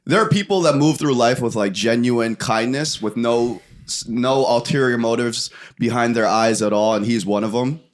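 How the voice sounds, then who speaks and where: A man's voice: mid-range voice, moderate pace, hardly any pauses. A man in his twenties, a podcast guest, telling stories in a casual, profane way and acting out what people said. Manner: animated, profane, acts out quotes. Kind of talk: casual storytelling.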